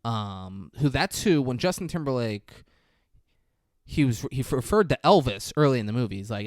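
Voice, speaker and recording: A man's voice: big pitch swings, moderate pace, a little mellow, no echo, clean studio sound. Rambling profane man recapping a movie. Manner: rambling, profane, acts out quotes with big pitch jumps. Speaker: podcast co-host. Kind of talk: casual movie recap chat.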